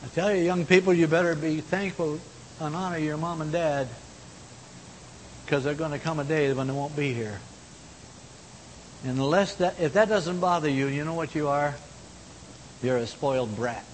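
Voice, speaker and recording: Man, preacher, folksy sermon, fairly high voice, faint rumble behind, long hall reverb. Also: normal speed, long pauses. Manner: folksy, swings from loud exhortation to hushed tones.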